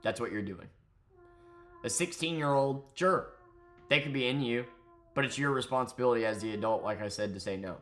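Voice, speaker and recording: Male YouTube ranter: angry, sarcastic, heavy swearing, mid-pitched. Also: sharp tone. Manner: angry, profane, mocking. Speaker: commentary YouTuber. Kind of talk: ranting commentary.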